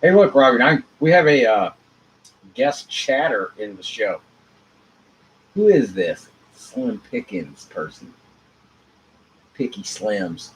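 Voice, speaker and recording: A man hosting his own show alone, rambling in a free-associating monologue with rhyming wordplay, dropping to mutters and rising to loud outbursts. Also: mid-range voice, sing-song, takes it slowly, long pauses, a little hiss or hum, poor audio. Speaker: show host.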